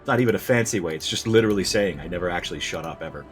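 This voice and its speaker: Low-voiced man, casual gameplay commentator, rambling and self-deprecating, with soft music beneath. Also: expressive, racing. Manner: rambling, self-deprecating, many restarts and fillers.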